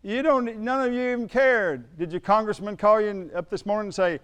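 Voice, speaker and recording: High-voiced smooth male preacher. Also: fast talker, hardly any pauses. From United States. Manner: storytelling, rising to emphatic preaching. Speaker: pastor. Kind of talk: sermon.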